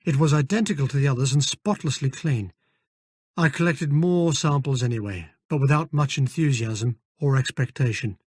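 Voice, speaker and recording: A man's voice: medium pitch, normal speed, darkish tone, husky, dry recording. Man narrating an audiobook, dry sound. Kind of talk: scripted first-person narration. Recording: dry close studio recording.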